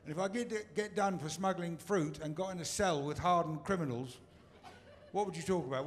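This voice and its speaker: A man's voice: on the high side, moderate pace, slight background noise. A man from Britain performing a stand-up routine on a comedy stage, teasing the crowd in a dry way.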